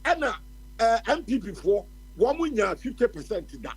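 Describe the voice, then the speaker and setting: Ghanaian guy ranting on the radio about politics, high lively voice, kinda husky. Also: normal speed, rough recording. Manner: impassioned, ranting. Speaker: radio commentator. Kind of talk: political commentary in Twi and English. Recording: radio phone-in stream.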